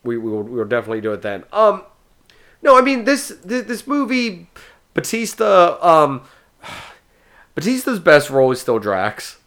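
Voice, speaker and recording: A man hosting a podcast, chatting casually about movies in an excitable, rambling way. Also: on the high side, moderate pace. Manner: excitable and rambling, jumps between thoughts. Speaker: podcast host.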